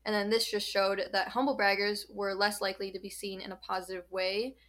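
A woman's voice: mid-range voice, flat delivery, fairly quick, fairly bright tone. Chatty young woman podcaster. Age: young adult. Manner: chatty, lots of "like" and "um". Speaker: podcast co-host. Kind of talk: casual podcast chat.

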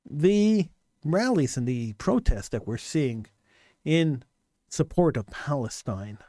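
A man's voice: on the high side, animated, takes it slowly, warm tone, no room sound, clean studio sound. A man delivering an impassioned monologue commentary, hammering points home with repeated rhetorical questions.

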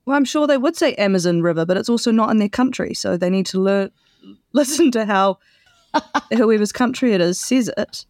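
A mid-pitched woman co-hosts a podcast in loose, easy chat. She laughs often and gets lively when something amuses her. The sound is close and dry. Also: normal speed, no echo. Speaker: podcast co-host. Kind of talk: casual chat.

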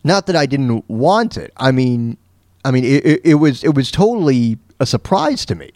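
A man from Florida hosts his own podcast and tells a long story in a loose, rambling way. He restarts sentences and fills pauses with lots of fillers. His voice sits at an ordinary middle pitch, and it is recorded close and dry. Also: very animated, a little mellow, dry recording. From Florida, USA. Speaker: podcast host. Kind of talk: casual storytelling monologue.

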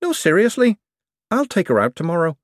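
A man reading an audiobook, voicing a brisk, outspoken young woman with a quick, wry delivery. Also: fairly low pitch, very animated, no room sound, clean studio sound, pitched above the performer's own voice.

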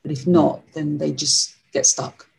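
A woman as a podcast guest, telling a story in a reflective way, with frequent pauses and fillers. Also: low voice, steady tone, creaky, slightly rough, rough recording. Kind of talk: conversational interview storytelling.

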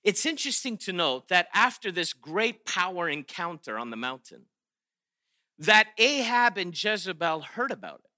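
A man preaching a sermon, animated and playful, often restarting his sentences and acting out quotes with sarcasm. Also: high-pitched, moderate pace, dry recording, studio quality. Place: chapel or auditorium.

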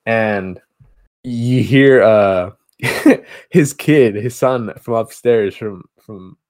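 A man's voice: on the low side, a little mellow, no room sound. A man co-hosting a podcast, casually retelling a movie plot in a rambling way. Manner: rambling retelling with quick acted quotes. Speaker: podcast co-host. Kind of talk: casual movie recap chat.

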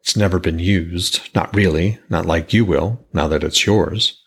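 An eager, reassuring smith speaks with a gravelly, husky low voice, put on by a male narrator. The storybook figure sounds lively and keen. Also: unhurried, full character voice. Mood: musing.

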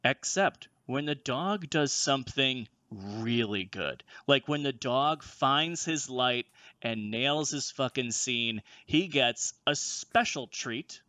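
A man's voice: medium pitch, slow, no echo. A man telling a workplace story on a casual chat show, swearing often and laughing as he goes. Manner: profane, animated, laughing while telling. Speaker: storyteller on a comedy podcast.

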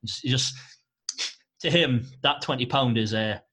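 A man's voice: medium pitch, normal speed, a bit bright, breathy edge. A man narrating a tabletop game as game master, rambling with lots of fillers. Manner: rambling, filler-heavy storytelling.

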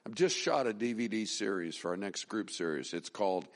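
A man's voice: fairly low pitch, expressive, fairly quick. A middle-aged man preaching a sermon as pastor, talking in a conversational, folksy way, with restarts and rising emphasis.

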